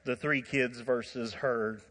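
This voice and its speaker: A man preaching a sermon, telling stories in an animated way with frequent laughter and asides. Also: medium pitch, slow pace, long reverb tail. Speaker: pastor.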